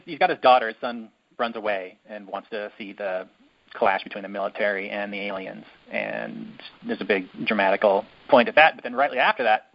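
A man hosting a casual chat, telling a long story in a rambling, drawn-out way with many fillers. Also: medium pitch. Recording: dull lo-fi recording.

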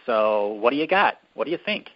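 A male host retells a story in a casual, rambling way, with plenty of fillers and long pauses. His voice sits at a middle pitch. The recording is muffled and lo-fi. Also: sing-song. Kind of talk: casual chat. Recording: dull lo-fi recording.

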